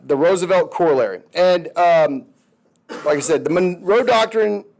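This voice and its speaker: A man's voice: a little high, darkish tone. Casual, chatty male history teacher. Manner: casual, conversational, asks the class questions. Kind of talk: classroom lecture.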